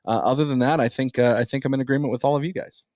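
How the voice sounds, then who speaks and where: A man's voice: mid-range voice, steady tone, racing, a little mellow, no room sound, studio quality. A man co-hosting a podcast, telling frank, easygoing stories in casual chat. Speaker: podcast co-host.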